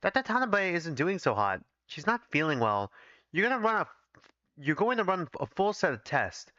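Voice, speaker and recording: Bossy hospital doctor, voiced by a man, brisk and pushy. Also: high-pitched, big pitch swings, sharp tone, no echo, muffled recording, full character voice.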